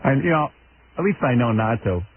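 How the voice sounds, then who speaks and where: A man's voice: mid-range voice, big pitch swings, fairly quick. A middle-aged man hosting a radio show, mocking and exasperated in casual banter. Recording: tinny lo-fi radio broadcast with faint hiss.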